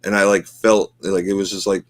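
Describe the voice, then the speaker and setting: A man's voice: low-pitched, little pitch movement, brisk, no echo. A middle-aged man co-hosting a podcast, talking in an emotional, rambling way with lots of fillers. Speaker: podcast co-host. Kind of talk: casual chat.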